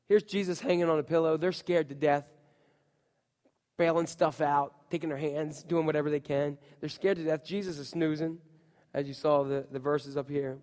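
A man preaching a sermon, telling the story in an animated way with voices, swinging from loud outbursts to hushed lines. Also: a little high, normal speed, big-room sound. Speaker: pastor.

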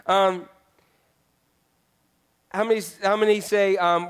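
A man's voice: high voice, fairly even intonation, moderate pace, long pauses, clean tone. A male pastor preaching a sermon in a conversational way, often putting questions to the congregation.

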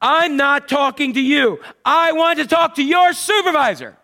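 A man voicing an irate woman caller who yells and demands to speak to the supervisor. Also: expressive, normal speed, vocal fry, exaggerated voice. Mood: angry. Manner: shrill, yelling.

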